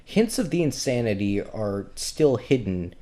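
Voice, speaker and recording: A man's voice: medium pitch, sing-song, measured pace, warm tone. A man running a tabletop game as game master, narrating scenes in a joking, loose way.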